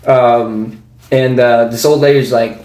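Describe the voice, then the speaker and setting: Young man, podcast co-host, laughing storyteller, roomy echo, middle pitch. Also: steady tone, takes it slowly, a little mellow. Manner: laughing storyteller, imitates people he met. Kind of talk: casual chat.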